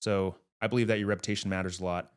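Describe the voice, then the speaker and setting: A man's voice: low voice, steady tone, very fast. A man being interviewed about real estate, talking in an earnest, emphatic, motivational way. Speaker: real estate investor guest. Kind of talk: casual interview talk.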